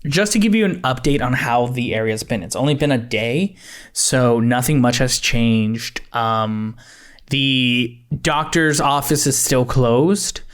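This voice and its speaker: A man running a tabletop game as game master, narrating in a rambling way, with many pauses and laughs. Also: medium pitch, a bit bright, faint music behind. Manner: rambling, hesitant, laughs often.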